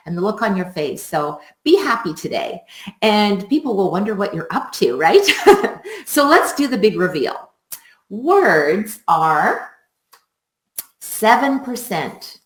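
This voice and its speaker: Cheerful lady running a teaching webinar, pitch bouncing all over, kinda echoey room. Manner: upbeat and expressive, laughs often. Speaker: music theory teacher hosting a webinar. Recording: roomy echo.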